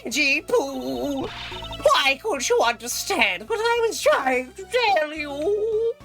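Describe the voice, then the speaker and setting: A streamer playing an overbearing old busybody who stretches out every word in a high, piercing whine, with lively leaps in pitch. Video game music plays clearly underneath. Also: female voice, exaggerated voice. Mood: scolding. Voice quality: high, drawn-out and shrill. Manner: drags out words in a sing-song whine. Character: elderly gossipy woman, shrill and overbearing.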